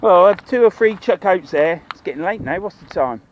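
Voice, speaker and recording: Muffled, dull audio with slight background noise carries a high-pitched, expressive male voice moving a little fast. The speaker is a fishing vlogger from Norfolk, England, chatting and rambling to camera in his broad accent while fishing outdoors by the water.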